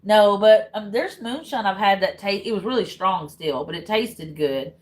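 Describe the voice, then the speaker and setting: A woman's voice: medium pitch, animated, moderate pace, rough recording. A woman from Tennessee with a Southern accent, chatting bluntly and casually to her livestream viewers and swearing freely. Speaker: livestream host.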